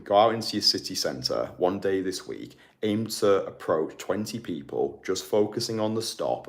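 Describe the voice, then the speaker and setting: Deep-voiced man coaching emphatically. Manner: emphatic, repeats key phrases. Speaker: dating coach. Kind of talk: motivational talk to camera. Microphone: phone or camera mic.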